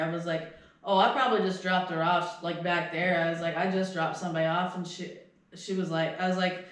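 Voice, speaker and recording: A woman co-hosting a podcast, telling rambling, profane stories in casual chat. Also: lowish voice. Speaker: podcast co-host. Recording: very echoey room.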